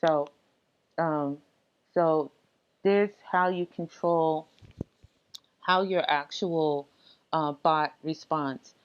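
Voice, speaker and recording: A woman with a somewhat low voice walks through software setup on a casual screen recording. She explains in a relaxed, halting way, with plenty of fillers. The audio is dull and lo-fi. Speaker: tech tutorial presenter.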